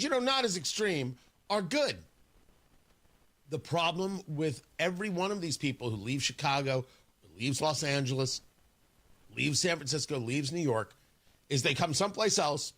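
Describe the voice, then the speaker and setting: A male talk radio host delivers a sarcastic, combative monologue straight to his listeners. His voice sits high for a man and swings widely up and down as he drives each point home. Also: fairly bright tone.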